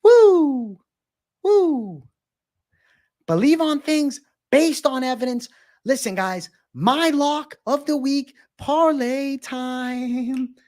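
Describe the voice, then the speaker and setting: A man's voice: very high voice, pitched above the performer's own voice. A man putting on an impression of a hyped male betting pundit who whoops and drags out his words. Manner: whooping, drawn-out hype.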